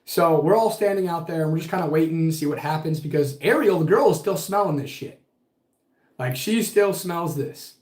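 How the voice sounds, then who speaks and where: With a higher-pitched voice at normal speed, a man spins a spooky tale full of profanity as a guest on a podcast. He tells it with lively energy, and the room he's in has a noticeable echo.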